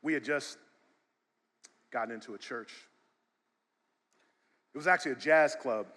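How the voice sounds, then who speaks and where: A male pastor preaching a sermon, swinging from shouted emphasis to quiet storytelling. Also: mid-range voice, measured pace. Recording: long hall reverb.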